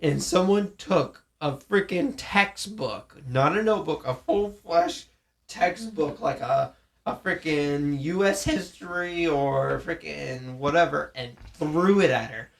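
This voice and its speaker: A young man with a raspy, gravelly voice pitched a little high. He tells rowdy school stories in a loose, profane, rambling way, acting out each quote as he goes. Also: slow. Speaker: podcast co-host. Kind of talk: casual storytelling chat.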